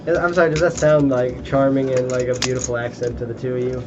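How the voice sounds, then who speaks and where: A man's voice: medium pitch, little pitch movement, fast. Sarcastic man ribbing card players. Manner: sarcastic, needling teasing. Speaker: poker player and dealer. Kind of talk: casual banter at a poker table. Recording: dull sound with clear room noise.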